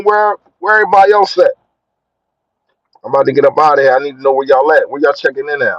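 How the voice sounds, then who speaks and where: A man's voice: quick pace, no echo. Young philly man, casual live-stream sports chat, slangy, dry dull lo-fi sound. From Philadelphia. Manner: slangy, shouts out viewers, lively swings in pitch. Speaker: sports vlogger. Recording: dry, dull lo-fi phone audio.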